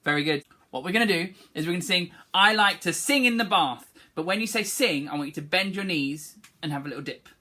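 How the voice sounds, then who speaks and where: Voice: mid-range voice, fairly quick, pushed and bright. A music teacher leading an online singing lesson for schoolchildren, encouraging and demonstrating phrases for the class to repeat.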